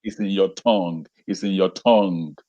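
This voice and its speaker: A man's voice: deep voice, fairly even intonation, normal speed, mellow, lo-fi sound. A man speaking as an interview guest and educator on a video call, talking with passion, repeating phrases and asking rhetorical questions. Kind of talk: impassioned talk on a video call.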